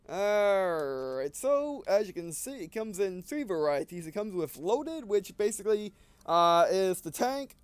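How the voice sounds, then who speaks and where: A man's voice: high voice, clear, resonant tone, dry recording. A man giving casual, rambling gameplay commentary while short of breath, often restarting and correcting himself. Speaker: gaming video creator.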